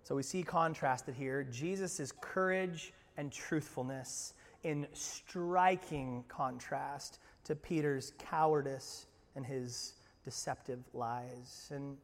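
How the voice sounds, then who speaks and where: Pastor guy preaching, high-ish voice, gets loud then drops real quiet, big churchy reverb. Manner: animated, swings from loud bursts to quiet low asides. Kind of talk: sermon. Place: church sanctuary.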